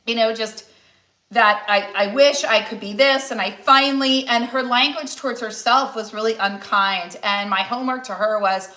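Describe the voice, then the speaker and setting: A woman in her forties with a bright, fairly high voice talks in a chatty, encouraging coaching tone, often restarting her sentences. She speaks casually as a nutritionist on a cooking livestream. Her voice carries the echo of a home kitchen. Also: steady tone, moderate pace. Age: 40s. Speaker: nutritionist and weight loss coach.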